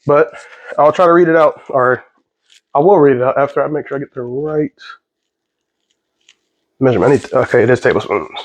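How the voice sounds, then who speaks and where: A man's voice: medium pitch, fairly quick, long pauses, no echo, dull audio. A young man in his kitchen, chatting casually and rambling with jokes as he cooks. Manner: rambling, jokey, easily sidetracked. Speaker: vlogger. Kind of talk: casual cooking vlog. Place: home kitchen.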